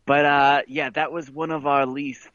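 A man's voice: fairly high pitch, level tone, measured pace, fairly bright tone, no echo, highs cut off. A man playing a smug video game wedding planner who calls in, boastful and fond of saying "let me tell you something.". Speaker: caller. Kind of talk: comedic improv character.

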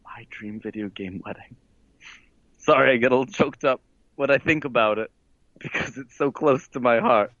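A man's voice: medium pitch, fairly quick, fairly bright tone, no room sound, lightly acted. Boastful male wedding planner caller, put on by a man, dry and muffled. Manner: boastful, keeps saying "let me tell you something". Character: smug male video game wedding planner. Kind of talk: comedic improv character.

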